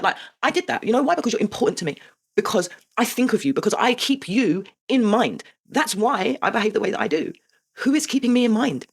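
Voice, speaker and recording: Host, woman, 40s, rapid and emphatic confessional delivery. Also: mid-range voice, lively intonation, slightly rough. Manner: emphatic and heartfelt, swears, asks rhetorical "right?". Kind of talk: personal confessional monologue.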